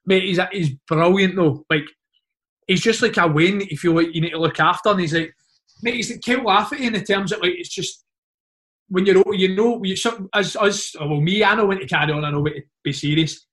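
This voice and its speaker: A Scottish man in his thirties, a former footballer, casually telling animated anecdotes full of "mate" and "like". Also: high voice, fairly quick. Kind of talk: casual storytelling chat.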